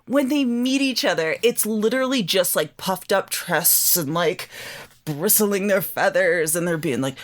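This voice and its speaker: Woman co-host, low-pitched for her sex, exasperated casual rant. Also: animated, unhurried. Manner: exasperated, mocking retellings with lots of "like". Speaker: podcast co-host. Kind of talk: casual chat.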